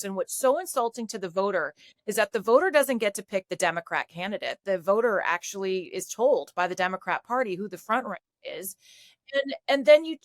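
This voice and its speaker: A woman guest on a political talk show, giving commentary in an animated, mocking way. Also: a little high, no echo, clean studio sound.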